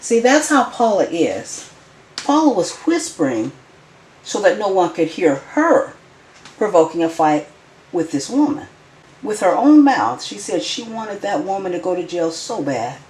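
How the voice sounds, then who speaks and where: A woman's voice: fairly low pitch, very animated, unhurried, a little mellow, echoey room, rough recording. A woman commentator giving critical commentary on a clip, emphatic and repeating her points.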